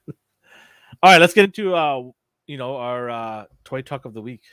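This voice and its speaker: Brief: male co-host, casual and teasing, quick to laugh, dry recording. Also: mid-range voice, expressive, pushed and bright, smooth, no room sound. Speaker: podcast co-host. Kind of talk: casual chat.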